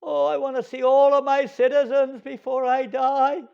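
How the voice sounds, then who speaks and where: Brief: man acting a dying old king, shrill, despairing and enraged, lo-fi tape. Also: little pitch movement, normal speed, gravelly, dark tone. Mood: pleading. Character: dying old king, self-pitying and furious.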